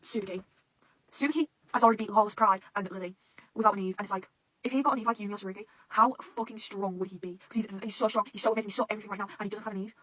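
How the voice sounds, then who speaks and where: Young adult woman, fan reaction vlogger; excitable, sweary, very fast delivery. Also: mid-range voice, dry recording, low-quality recording. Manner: gushing, excitable, swears a lot. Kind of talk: casual fan reaction chat.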